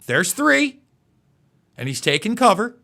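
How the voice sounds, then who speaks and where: A man's voice: high-pitched, big pitch swings, a little slow, creaky, noisy background. A man hosting live political commentary, emotional and repeating himself as he stumbles over words.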